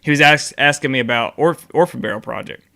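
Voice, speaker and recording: A man's voice: mid-range voice, fast, gravelly, bright, forceful tone. A man co-hosting a whiskey talk show, chatting casually and telling rambling stories. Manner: rambling, self-interrupting storyteller. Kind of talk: casual chat.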